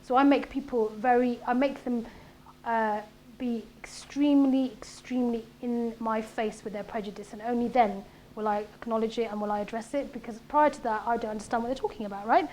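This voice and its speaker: Woman doing a comedy talk, high voice, punchy and animated, bit of room hum. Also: brisk. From Britain. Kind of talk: conversational talk with comic stand-up bits. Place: event room.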